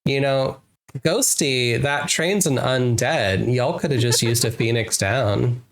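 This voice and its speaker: An adult game streamer chatting casually with viewers during a live stream, playful and excitable, laughing often. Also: mid-range voice, slow pace. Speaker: wholesome RPG game streamer.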